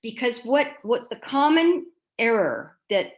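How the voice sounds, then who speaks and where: A woman on a parent panel explaining patiently how to model taking words apart, thinking out loud as she goes. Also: a little high, very animated, unhurried, poor audio. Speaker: reading specialist panelist. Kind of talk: casual panel discussion.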